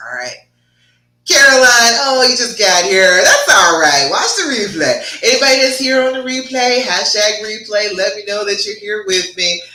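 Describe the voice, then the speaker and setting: A woman's voice: on the low side, pushed and bright. A woman, a relationship coach talking live to viewers, encouraging and checking in with "okay?". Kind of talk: live-stream coaching talk. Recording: echoey room.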